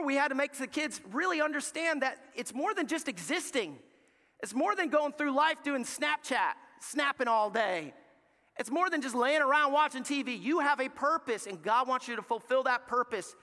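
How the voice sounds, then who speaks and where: A man preaching a sermon as pastor, telling a family story with lively acted-out dialogue. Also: very high voice. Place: large church sanctuary. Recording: live church hall reverb.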